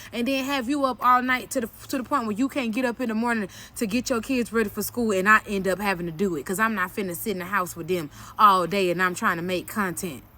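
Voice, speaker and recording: Bright, high-voiced woman telling a blunt story. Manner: blunt, profane and emphatic, often cursing; animated retelling with sharp jumps when quoting herself. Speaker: vlogger telling a personal story. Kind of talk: candid storytime vlog.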